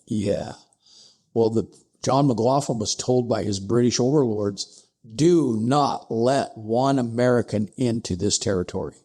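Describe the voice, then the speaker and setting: A man narrating a frontier tale for a podcast in a voice of middle pitch. He acts out each exchange, jumping up high for the surprised lines and dropping low for the curt replies. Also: measured pace, a little mellow. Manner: acts out dialogue with pitch jumps, asides like "I'm paraphrasing". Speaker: podcast guest, distillery co-founder. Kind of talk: animated historical storytelling.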